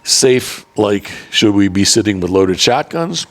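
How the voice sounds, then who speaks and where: A man's voice: lowish voice, expressive, measured pace. A man hosting a podcast and telling rambling, profane hunting stories in a casual chat. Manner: rambling and profane, with many restarts. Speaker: podcast host and duck hunting guide.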